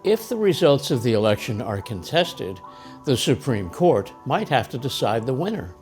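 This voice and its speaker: A man's voice: medium pitch, sing-song, moderate pace, darkish tone, soft background music. American man explaining with chuckles. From United States. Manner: plain explanatory, chuckles between remarks. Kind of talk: scripted lesson dialogue.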